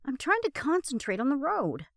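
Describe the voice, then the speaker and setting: A woman voicing a hot-tempered young man who barks and yells in frustration. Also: a little high, sing-song, unhurried, dry recording, studio quality, voice pushed up. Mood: cross. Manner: cross, barking, yelling.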